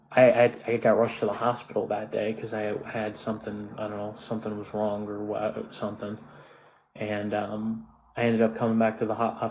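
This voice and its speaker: A man's voice: lowish voice, darkish tone, poor audio. Profane, ranting American man. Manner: profane, restless, frequent restarts and fillers. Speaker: vlogger. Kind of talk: ranting monologue.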